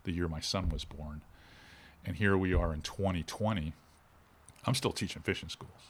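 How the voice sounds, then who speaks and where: A middle-aged man, a fishing instructor talking in a casual interview with animated, shifting inflection. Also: sits low, normal speed.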